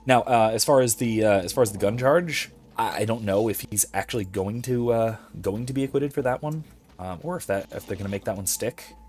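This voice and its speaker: A man's voice: lowish voice, fairly quick, darkish tone, soft background music. A man hosting a let's play, chatting casually and rambling into academic digressions while reading chat messages aloud. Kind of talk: casual gameplay commentary.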